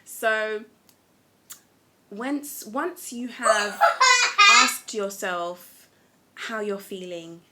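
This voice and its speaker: A woman speaking at home in a casual self-help talk, gentle and earnest, often restarting her sentences. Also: medium pitch, lively intonation, drawn-out words, pauses often, heavy background noise. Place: at home with a small child nearby.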